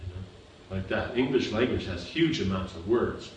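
A man's voice: low-pitched, expressive, normal speed. Echoey, distant man teaching scripture. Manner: patient, explaining with repeated checks for understanding. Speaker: spiritual teacher. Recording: echoey room recorded from afar with background noise.

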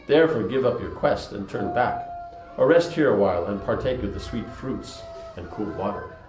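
A lazy, ancient male monkey who speaks in a slow, lofty and measured way, as a male reader voices him in a storybook reading. His voice sits on the low side. The room adds a clear, roomy echo. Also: lively intonation, over music, close to an everyday voice.

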